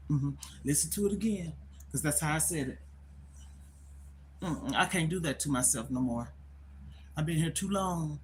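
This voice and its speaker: On a phone livestream, a middle-aged woman speaks at a normal speed in a low voice, leaving long pauses. She's anxious and on the edge of tears, rambling and repeating herself, with slight hiss or hum underneath.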